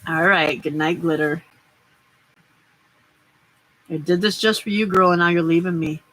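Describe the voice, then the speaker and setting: A woman's voice: fairly low pitch, fairly even intonation, unhurried, a bit bright, poor audio. A middle-aged woman hosting a casual live stream, chatting and rambling as she crafts and answers viewers' comments. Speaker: livestream host.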